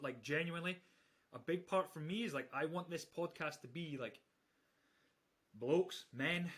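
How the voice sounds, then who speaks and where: A man's voice: on the high side, a bit bright. Earnest slangy podcast host, man. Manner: earnest, uses blokey slang and filler "like". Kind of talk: casual podcast chat.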